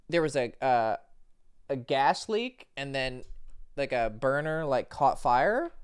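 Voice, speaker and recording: A man's voice: mid-range voice, a bit bright, clean tone, no echo, clean studio sound. A man hosting a casual livestream Q&A from home as a dating coach, talking loosely and profanely and explaining with examples and stories.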